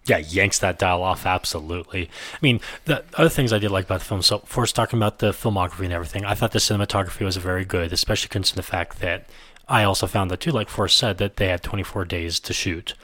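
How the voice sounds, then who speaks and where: A man with a fairly low voice retells scenes from a film with eager, animated energy, adding quick asides as he goes. The sound is dry and close to the mic. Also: dry recording. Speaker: podcast co-host. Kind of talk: casual film review chat.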